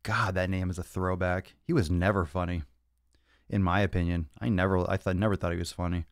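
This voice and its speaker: A young man hosts a casual fitness podcast livestream Q&A from his home studio full of monitors and cameras, cracking brash, profane jokes as he answers viewers. His voice is low with fairly even intonation and a brisk delivery. The recording has no echo.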